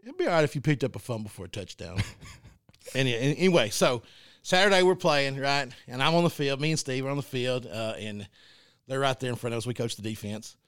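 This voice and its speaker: A fast-talking man from Arkansas with a medium-pitched, clean voice, recorded dry and at studio quality. He co-hosts a casual sports talk podcast and coaches youth football, telling animated stories full of laughter and restarted sentences.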